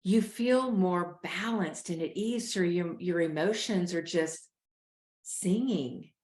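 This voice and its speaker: A woman's voice: lowish voice, slow pace, darkish tone. A woman, hosting a motivational talk and coaching listeners on stress in an earnest, encouraging way. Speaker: show host and wellness coach. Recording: roomy echo.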